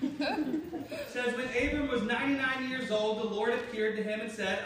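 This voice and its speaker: This pastor's very high-pitched, fairly bright voice comes from a distant mic in a very echoey church hall with faint noise in the background. At a moderate pace, he preaches to his congregation, teasing the people in front of him, joking, and laughing at himself.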